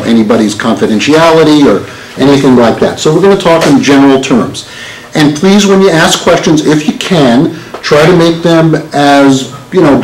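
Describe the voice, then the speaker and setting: A man in his sixties, a lawyer by profession, gives a live talk full of jokes and questions for the audience in a meeting hall. His medium-pitched voice is a little mellow, and the recording picks up the roomy hall along with faint noise.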